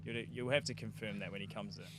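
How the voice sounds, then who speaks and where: Fast-talking Kiwi-born man, noisy mic. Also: lowish voice, steady tone. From New Zealand. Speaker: livestream co-host. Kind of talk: casual live event commentary. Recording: noisy, humming livestream audio.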